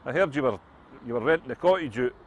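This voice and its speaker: A man with a Scottish accent voicing a big, bearded Highlander who is friendly and sly, delivered matter-of-factly in a told joke. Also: expressive, quick pace, lightly acted. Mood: deadpan.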